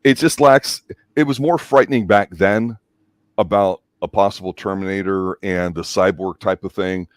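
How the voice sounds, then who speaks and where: A man's voice: sits low, normal speed, no room sound, clean studio sound. A man co-hosting a casual movie review show, giving his opinions in a lecturing way.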